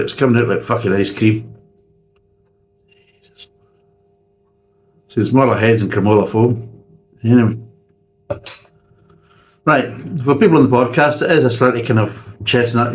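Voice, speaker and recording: A man's voice: on the low side, rough recording. A man reviewing a beer in a casual, sweary, ranting way.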